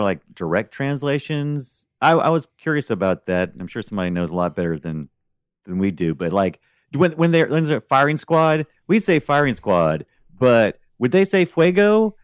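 Male co-host, curious hesitant questions, very lively intonation, dry booth. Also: mid-range voice, normal speed, no room sound. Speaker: podcast co-host. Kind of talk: casual chat about movies.

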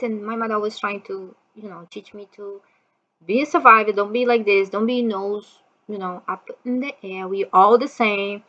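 A vlogger tells a childhood story casually and at a moderate pace, animated and laughing often, switching to a higher voice to act out quotes. The audio sounds dull.

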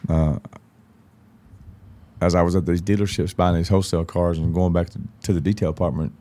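A man's voice: low voice, fairly even intonation, fairly quick, warm tone. A man, a podcast guest telling stories in a blunt, profane, casual way. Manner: profane, blunt, acts out quoted dialogue. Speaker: podcast guest, country singer. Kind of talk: casual storytelling chat.

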